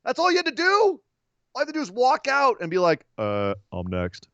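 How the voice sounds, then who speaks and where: Sarcastic, lively-voiced podcast man. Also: very high voice, rapid-fire, no echo, muffled recording. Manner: sarcastic, profane, mocking impressions. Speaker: podcast co-host. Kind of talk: casual wrestling podcast chat. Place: home studio in Los Angeles.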